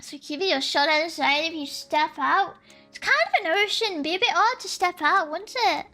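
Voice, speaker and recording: Very high, bright-voiced young woman. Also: moderate pace. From Sweden. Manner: giggly and playful. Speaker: streamer. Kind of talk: casual chat while reading viewer comments. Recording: soft lo-fi music underneath.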